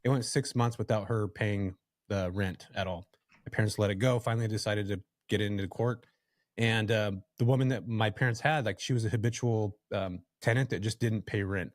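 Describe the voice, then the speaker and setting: A man from California, a podcast guest, telling a story from his working life in a casual, animated way and addressing the listeners directly. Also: lowish voice, normal speed, no room sound, studio quality. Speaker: podcast guest, real estate investor.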